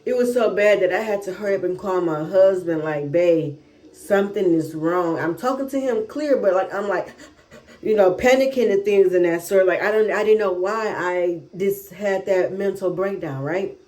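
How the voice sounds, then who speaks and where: A woman's voice: medium pitch, normal speed, a little mellow. A young woman telling a personal story in a casual, chatty way, often checking in with "right?" and "y'all". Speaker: vlogger.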